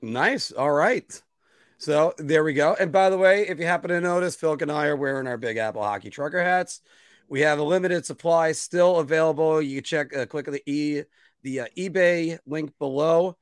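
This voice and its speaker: A man's voice: fairly high pitch, moderate pace, clean tone, no echo, clean studio sound. A man hosting a hockey podcast, chatting casually and plugging merchandise between questions to his co-host. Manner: upbeat, plugs merch and sponsors. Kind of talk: casual sports chat.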